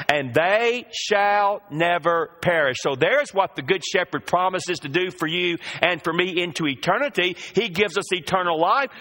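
A man's voice: high voice, bright, forceful tone. A man preaching a sermon, drawing out the scripture quotes with emphasis.

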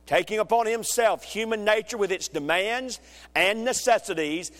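Emphatic preacher man in echoing hall. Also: high voice. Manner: emphatic, rhetorical questions, swings between loud and hushed. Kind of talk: sermon. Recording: long reverb of a large hall.

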